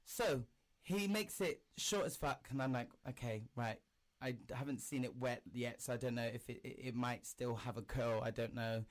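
A man's voice: medium pitch, normal speed. A young man telling a story in casual chat, acting out the people he quotes and swearing freely. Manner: animated, acts out quoted voices, swears.

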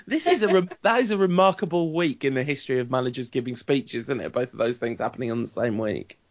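A man's voice: medium pitch, animated, quick pace. A man co-hosting a podcast, telling football stories with wry enthusiasm and frequent laughter. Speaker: podcast co-host. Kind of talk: casual chat.

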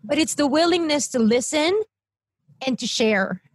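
A woman's voice: sits high, animated, a little slow, no room sound. A Filipina woman with a Filipino accent co-hosting a casual chat over a video call, talking earnestly and emotionally, often laughing. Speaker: podcast co-host. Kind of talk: casual chat mixing English and Tagalog.

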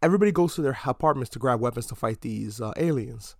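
A man hosting a podcast, chatting casually about a movie in an animated, swearing way. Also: mid-range voice, fast talker, no echo, studio quality. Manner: animated, profane, slips into mock slang quotes. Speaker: podcast host. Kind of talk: casual movie review monologue.

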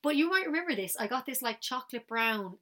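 A woman's voice: high voice, expressive, quick pace, fairly bright tone. An Irish woman in her thirties, co-hosting a podcast and telling stories in casual chat, sometimes dropping to a whisper. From Ireland. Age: 30s. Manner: chatty, storytelling, drops into whispers. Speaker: podcast co-host.

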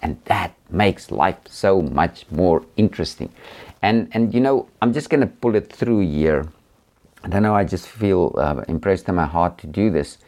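Deep-voiced South African preacher. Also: male voice, animated, normal speed. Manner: earnest, gentle, with many hesitations. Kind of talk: personal testimony talk.

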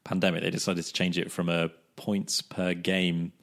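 A man's voice: low voice, monotone, moderate pace, fairly bright tone. A man co-hosting a casual cricket podcast, chatty and wry, laughing often and thinking aloud with fillers. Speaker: podcast co-host.

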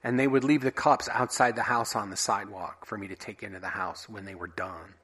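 A man hosting a solo podcast, sharing random thoughts in a wry, offhand, deadpan way. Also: lowish voice, a little fast, husky. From United States. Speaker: podcast host.

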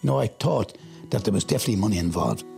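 An Irish man telling his life story in an interview, animated when he acts out what he said back then. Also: on the low side, racing, soft background music. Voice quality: gravelly and husky. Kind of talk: personal testimony.

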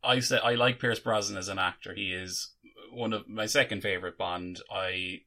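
A man's voice: lowish voice, steady tone, normal speed, bright, forceful tone. A young man co-hosting a podcast, chatting casually and rambling with many restarts. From Ireland. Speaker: podcast co-host. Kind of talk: casual chat.

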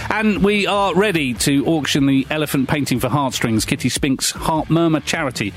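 A man's voice: a little high, moderate pace, faint music behind, natural voice. An actor playing an indignant, whiny male radio co-host who is jealous of his partner.

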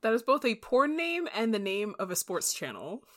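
A woman's voice: a little high, very animated, normal speed. A woman co-hosting a podcast in casual chat. She reacts with wry disbelief and talks frankly, swearing now and then. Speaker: podcast co-host. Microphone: home microphone in a squeaky chair.

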